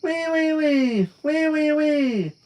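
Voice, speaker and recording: A man voicing an unhinged teen girl patient who chants and shrieks in a shrill, squealing voice. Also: animated, takes it slowly, heavily acted. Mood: shrieking. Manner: sing-song chanting, shouting.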